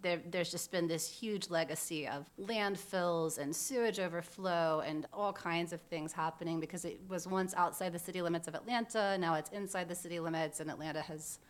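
A woman's voice: fairly low pitch, moderate pace, hardly any pauses. A woman guest on a podcast, an urban designer, chatting casually and explaining things at length with many fillers.

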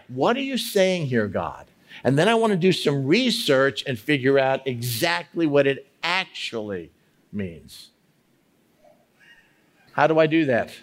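Lively, higher-voiced man teaching scripture. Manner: emphatic, slows to stress single words; asks many questions aloud. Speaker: Bible teacher. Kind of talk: teaching on Bible study.

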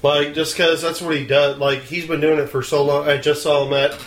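Casting: high-voiced man, animated friend chat, echoey room. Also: brisk, a little hiss or hum. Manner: loud, laughing, swearing banter. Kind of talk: casual chat.

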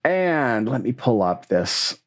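A man's voice: mid-range voice, big pitch swings, takes it slowly, dry recording. A man acting as game master, narrating combat and rules in a playful, teasing way. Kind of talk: running a tabletop game.

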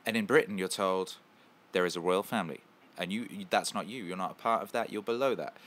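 A man hosting a casual livestream, reading out viewer comments and riffing playfully with lots of repetition and shout-outs. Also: low voice, fairly quick. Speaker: show host.

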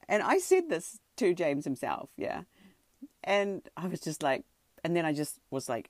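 A woman excitedly telling a personal story from home, full of fillers and restarts. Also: on the low side, slow pace, long pauses, no echo, clean studio sound. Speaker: podcaster sharing a personal story. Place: home, sitting on a tatami floor.

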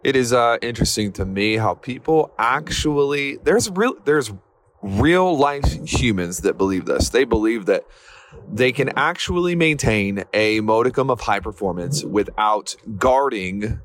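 A man's voice: mid-range voice, animated, measured pace, fairly bright tone, a little hiss or hum. Blunt fired-up male podcast host. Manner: blunt, fired-up, swears lightly. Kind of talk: motivational podcast monologue.

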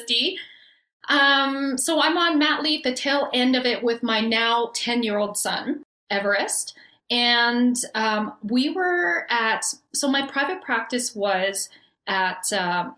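A bubbly woman in her forties from Canada tells her story as a podcast guest, laughing often as she talks. Her voice sits a little high. The recording has a noticeable roomy echo. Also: bright, forceful tone. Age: 40s. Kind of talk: storytelling in conversation.

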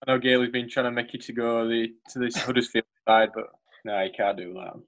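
A man's voice: mid-range voice, fairly even intonation, a little fast, a bit bright, muffled recording. A man hosting a podcast, casual and teasing as he reads out questions for his guest. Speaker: podcast host. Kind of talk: casual interview chat.

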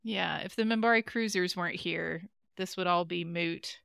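A woman's voice: fairly low pitch, moderate pace, gravelly, a bit bright, clear, resonant tone, no room sound, studio quality. A woman co-hosting a podcast, recapping an episode in casual chat and giggling often. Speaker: podcast co-host.

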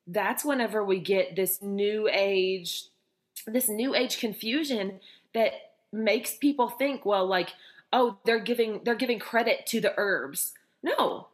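Earnest higher-voiced woman co-host. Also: fairly bright tone. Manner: earnest and emphatic, with repeated restatements. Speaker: podcast co-host. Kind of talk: casual faith-based chat.

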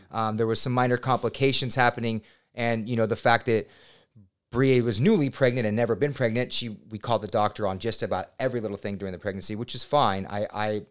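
A man in his thirties, a podcast guest, telling a personal story in a casual, animated and excitable way, swearing now and then. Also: medium pitch, clean tone. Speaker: podcast guest, real estate agent.

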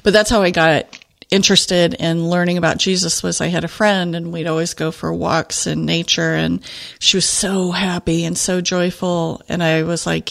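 A woman's voice: fairly low pitch, fairly even intonation, moderate pace, creaky, a bit bright. A woman hosting, talking reflectively and a little scattered about her faith. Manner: reflective, searching, wandering. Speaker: host. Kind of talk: casual faith conversation.

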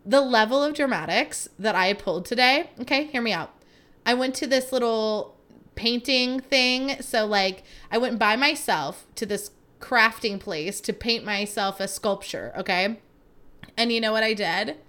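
A woman's voice: a little high, a little slow, fairly bright tone. A woman in her thirties hosting a solo podcast, talking casually and dramatically and often laughing between thoughts. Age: 30s. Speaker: podcast host.

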